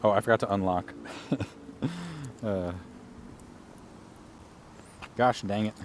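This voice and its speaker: A man's voice: fairly low pitch, fairly even intonation, slow, a little hiss or hum. A man live-streaming outdoors while cycling through city streets, chatting casually with his viewers.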